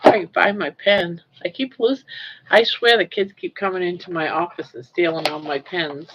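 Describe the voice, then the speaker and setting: An older woman from Southern Maine hosting a casual livestream chat from her home office, cooing softly to her pet between talking with viewers. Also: on the low side, normal speed, muffled recording, a little hiss or hum. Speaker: livestream host.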